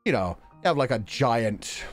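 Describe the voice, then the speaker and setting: A man streaming live, reading out viewer donations and chatting in an animated, rambling way, often breaking into laughter. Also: mid-range voice, moderate pace, faint music behind.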